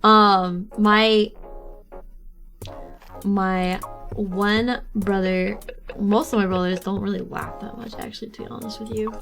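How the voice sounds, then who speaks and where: A woman's voice: medium pitch, little pitch movement, slow, vocal fry, long pauses, over music. A young woman streamer chatting casually while she draws, rambling and teasing, laughing often. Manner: teasing, snarky.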